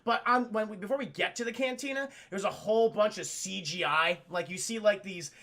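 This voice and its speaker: Gravelly, high-voiced, swearing young streamer. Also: male voice, brisk. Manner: animated, profane, addresses chat. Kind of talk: casual livestream movie retelling.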